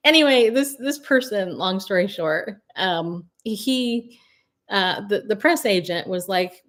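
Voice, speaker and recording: A middle-aged woman hosting a casual livestream from home, telling animated stories with outspoken asides and frequent laughter. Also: mid-range voice, a little slow. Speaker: Christian media host and coach. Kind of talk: casual solo livestream talk.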